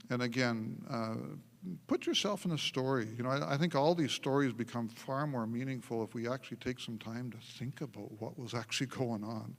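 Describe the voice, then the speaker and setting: Animated male preacher in a reverberant church. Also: mid-range voice, moderate pace. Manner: animated storytelling with frequent laughs and restarts. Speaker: pastor. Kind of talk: sermon. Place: church sanctuary. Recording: long church hall reverb.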